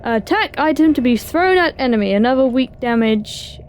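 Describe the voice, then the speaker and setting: A woman with a high, light voice talks through a horror game as she plays. She reads the on-screen text aloud and answers it with dry, sarcastic remarks. A faint hiss sits under her voice. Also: animated, normal speed. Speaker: let's play gamer. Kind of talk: casual gameplay commentary.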